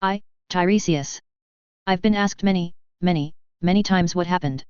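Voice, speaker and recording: An earnest, loyal young guard who speaks plainly, as a woman reads him. The voice is low and very smooth. The recording is dry. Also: moderate pace, darkish tone, no echo, close to an everyday voice. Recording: slightly dull, dry lo-fi recording.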